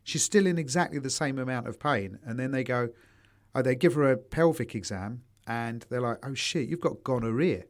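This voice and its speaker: A man's voice: mid-range voice, moderate pace. A man co-hosting a casual podcast chat, swearing freely and telling anecdotes with quoted voices. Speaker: podcast co-host.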